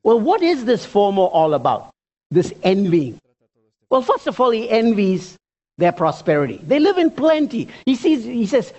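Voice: medium pitch, normal speed. A pastor preaching a sermon, talking straight to the congregation with questions and repeated points. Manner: animated preacher, addresses the congregation directly with questions.

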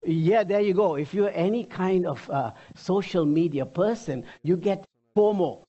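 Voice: mid-range voice, a little slow, lo-fi sound. A pastor preaching a sermon, talking straight to the congregation with questions and repeated points. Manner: animated preacher, addresses the congregation directly with questions.

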